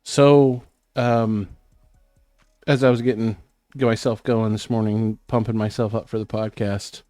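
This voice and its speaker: A man's voice: fairly low pitch, level tone, a little slow, warm tone, no room sound, studio quality, soft background music. A man co-hosting a podcast in casual chat, a bit sick and rambling, self-conscious. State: sick, throat clearing. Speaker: podcast co-host.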